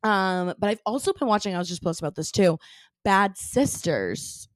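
A young woman co-hosting a podcast, chatting casually with lots of fillers and a bouncy, animated delivery. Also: normal speed, no room sound. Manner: chatty, lots of fillers, bubbly swings in pitch. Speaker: podcast co-host. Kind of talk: casual chat.

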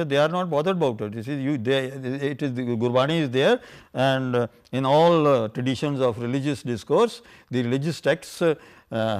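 An older man lecturing on how scripture words should be pronounced, halting and filling pauses with "uh" and "you see". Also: medium pitch. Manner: halting, many fillers, keeps saying "you see". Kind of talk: academic lecture.

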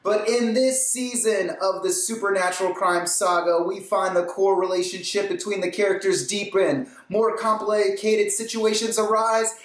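A man hosting a casual unboxing, chatting with joking, self-mocking asides. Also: high-pitched. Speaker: host. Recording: echoey room.

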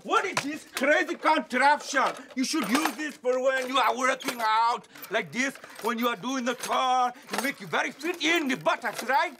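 An actor playing an eccentric male psychic in a comedy sketch, talking in broken English with excitable, crude patter. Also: very high-pitched, normal speed, hardly any pauses, background noise. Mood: excited. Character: eccentric male spoon-bending psychic impression.

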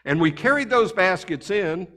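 Male pastor, slightly high voice, chatty story-led preaching, lingering church reverb. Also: normal speed. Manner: conversational, animated anecdotes. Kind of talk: sermon storytelling. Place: church sanctuary.

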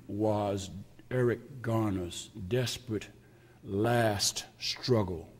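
A man preaching a sermon as pastor, slow and emphatic, repeating phrases with heavy pauses and sometimes dropping to a whisper. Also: on the low side, expressive. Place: church sanctuary. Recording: long reverb of a church hall.

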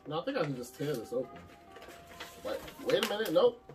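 A man's voice: fairly high pitch, big pitch swings, brisk. Slangy man, distant mic, music behind. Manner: slangy, chatty, talks to viewers as "y'all". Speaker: vlogger unboxing anime figures. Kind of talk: casual unboxing chat.

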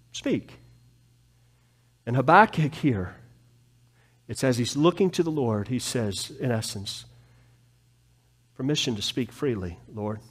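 A man preaching a sermon as pastor in a church, animated, swinging from soft, low passages to loud, pleading ones. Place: church sanctuary.

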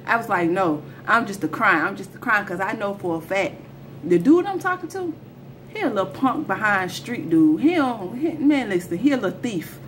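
A woman talks straight to her viewers while she retells a personal story in a casual storytime vlog. Her voice sits at an ordinary middle pitch. Her delivery is loose and animated, full of slang, and a light background hiss stays under it throughout. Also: moderate pace. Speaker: storyteller vlogger.

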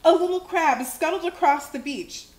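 A woman hosting a children's livestream, reading a picture book aloud with animated expression. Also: very high-pitched, normal speed. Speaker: children's show host. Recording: echoey room.

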